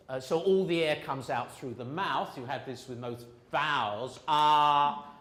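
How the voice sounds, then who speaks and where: Guy lecturing a class on pronunciation, voice goes up and down a lot, kinda high, echoey room. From England. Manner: jokey, demonstrates sounds aloud. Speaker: language teacher.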